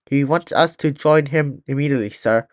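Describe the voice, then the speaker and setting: A man's voice: medium pitch, normal speed, no echo, studio quality, natural voice. A man voicing a nervous male scientist posing as a soldier, speaking hesitantly. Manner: hesitant, placating.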